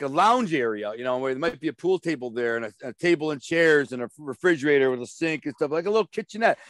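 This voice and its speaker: In a casual interview, a blunt, streetwise guest from Detroit tells rambling stories, repeating words and acting out the voices he quotes. His voice is a little high, captured at studio quality with no echo.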